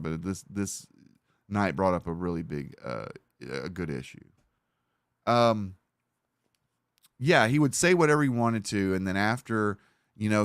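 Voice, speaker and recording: Low-voiced guy streamer rambling and cursing, close dry mic. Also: clear, resonant tone, no room sound. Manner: rambling, profane, talks over the video. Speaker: livestream host. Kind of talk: casual reaction commentary.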